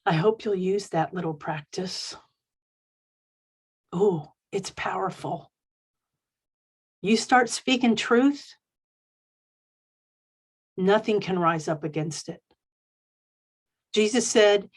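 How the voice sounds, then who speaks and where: A woman minister delivering a sermon, expressive and emphatic, slowing down to stress key phrases. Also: mid-range voice, husky.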